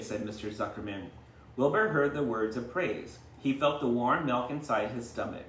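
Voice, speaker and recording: A man's voice: mid-range voice, moderate pace, a bit bright, distant mic, slight background noise. Male teacher reading a storybook to kids at home, chatty, stops to explain words; echoey room, mic well back. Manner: chatty, explains words, tags lines with "right?". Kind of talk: reading a storybook aloud to a class. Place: home kitchen.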